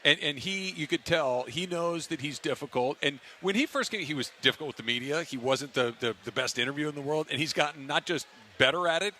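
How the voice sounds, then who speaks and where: Sports radio guy, bright voice, stumbles over words, light hiss behind. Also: fairly high pitch, fairly quick, hardly any pauses. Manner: stammering restarts, thoughtful. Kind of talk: casual sports talk.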